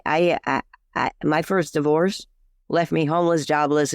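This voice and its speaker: A lowish female voice, recorded at studio quality with no room sound. The speaker is a life coach guesting on a podcast, chatting with fillers and restarts in casual interview talk and bringing her stories to life by acting out the quotes.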